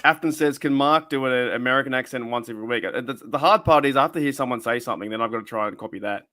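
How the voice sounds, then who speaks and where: A man's voice: mid-range voice, very fast, pushed and bright. A man hosting a casual sports podcast, rambling and often repeating his words. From Australia. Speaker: podcast host.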